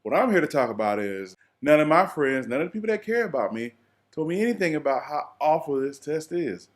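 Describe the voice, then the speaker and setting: A young man from the American South with an Atlanta accent, telling a comic story in an animated, playful way with plenty of exaggeration. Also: fairly high pitch, brisk. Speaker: vlogger.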